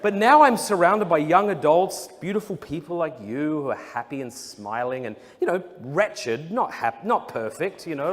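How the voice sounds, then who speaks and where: A young Australian man telling funny stories to a live audience as a Catholic speaker, acting out the voices of the people in them. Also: on the high side. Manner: joking storyteller, acts out quoted voices. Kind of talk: comedic talk to a live audience. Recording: live hall with long reverb, faint crowd ambience.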